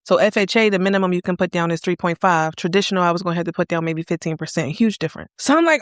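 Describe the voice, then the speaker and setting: A young woman from Philadelphia, a guest on an interview, telling her story candidly and acting out her own past dialogue with lively energy. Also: medium pitch, fast, dry recording, clean studio sound. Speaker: guest, accountant and entrepreneur.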